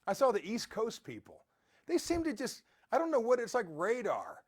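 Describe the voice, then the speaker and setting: Male host, motivational talk; high voice, very lively intonation, rambling anecdotes. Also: moderate pace. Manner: animated, rambling storyteller.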